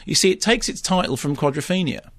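A man with a slightly high voice speaks at a brisk clip, dry and close to the mic. He picks apart films with animated, sardonic energy, like a radio critic on a roll. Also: no echo. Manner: rapid, animated, sardonic ranting. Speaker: film critic. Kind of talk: radio film review chat.

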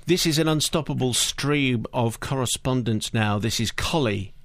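A man's voice: mid-range voice, moderate pace. A man presenting a radio show, reading listener letters aloud in a dry, teasing manner.

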